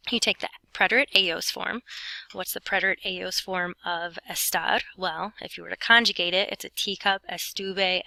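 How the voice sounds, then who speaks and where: A woman's voice: medium pitch, bright, forceful tone, no room sound, low-quality recording. A young adult woman giving a recorded Spanish lesson, explaining grammar in a chatty way with playful asides. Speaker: Spanish teacher. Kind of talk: recorded lesson narration over notes.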